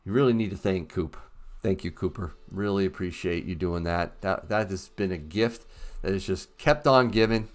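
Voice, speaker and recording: A man's voice: sits low, moderate pace. A man hosting a casual livestream, chatting with viewers in an upbeat, easygoing way. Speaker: livestream host.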